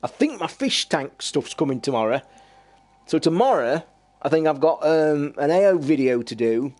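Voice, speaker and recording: A middle-aged man with an East Midlands accent, chatting casually on a live stream, blunt and sweary and quick to anger. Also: fairly high pitch, animated, darkish tone. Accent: East Midlands English. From England.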